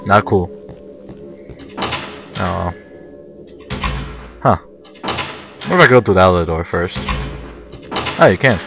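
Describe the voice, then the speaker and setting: A man giving jokey, panicky commentary while playing a horror game, often breaking into shouts. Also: deep voice, animated, takes it slowly, vocal fry, pauses often, over music. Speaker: let's play gamer. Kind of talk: gameplay commentary.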